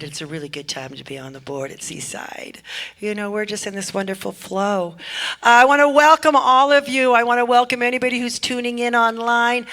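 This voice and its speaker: Church announcer, female, higher voice, effusive and repetitive with thanks, handheld mic in a sanctuary. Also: fairly bright tone. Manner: effusive, repeats thanks, talks with a catch of emotion. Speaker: church speaker giving announcements. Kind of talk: warm announcements at a church service.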